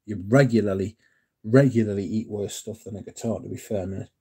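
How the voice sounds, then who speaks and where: A man's voice: lowish voice, steady tone, fairly quick, warm tone, breathy edge. A man hosting a casual livestream, chatting and joking with viewers and swearing freely. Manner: sweary, joking banter with chat. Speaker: livestream host. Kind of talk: casual livestream chat reading comments.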